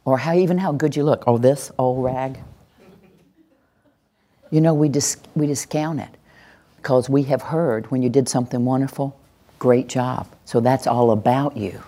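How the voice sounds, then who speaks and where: A woman teaching about praising children, animated and playful, acting out parents' baby talk and scolding in her examples. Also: extremely low pitch, brisk. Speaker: parenting educator. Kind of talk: lively talk to an audience.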